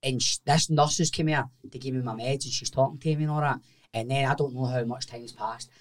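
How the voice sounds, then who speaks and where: A Scottish man co-hosting a podcast, telling a story in casual banter and dropping to a low murmur as he tells it. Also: a little fast. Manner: animated storyteller, drops to a low murmur when telling the tale. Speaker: podcast co-host. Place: podcast studio.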